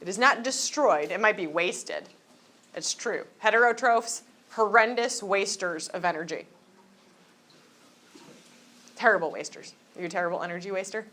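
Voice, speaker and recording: In a high school classroom, a female teacher lectures playfully, teasing the students and tossing them questions. Her voice is a bit bright and her pace moderate.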